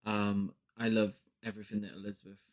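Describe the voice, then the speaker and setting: A man's voice: fairly low pitch, little pitch movement, fast talker. A man co-hosting a film podcast, chatting casually, laughing easily and rambling a little. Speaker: podcast co-host.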